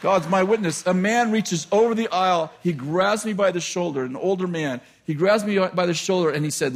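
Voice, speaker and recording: A male preacher tells a personal story to his congregation in an animated, self-mocking way, often laughing at himself. His voice sits somewhat high. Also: brisk, hardly any pauses. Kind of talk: storytelling sermon.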